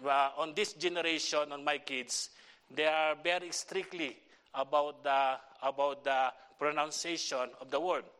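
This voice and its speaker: A middle-aged man with a Filipino accent preaches to a church, searching for words as he goes. His voice sits a little high and sounds bright and forward. He stops and restarts often and fills the gaps with "uh". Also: fairly even intonation, clear, resonant tone. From Philippines. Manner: halting, many fillers and restarts. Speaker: visiting pastor. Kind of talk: church sermon and prayer request.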